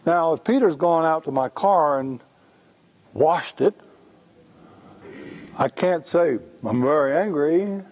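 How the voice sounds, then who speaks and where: A man presenting at a workshop, explaining ideas in a relaxed, conversational way. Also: a little high, slow pace, pauses often, rough recording. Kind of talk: workshop lecture with role-play demo.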